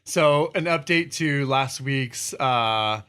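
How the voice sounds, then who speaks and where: A man's voice: mid-range voice, slow, clear, resonant tone. A man co-hosting a casual podcast chat, telling stories with laughter and swearing. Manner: animated storyteller, swears, laughs often. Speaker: podcast co-host.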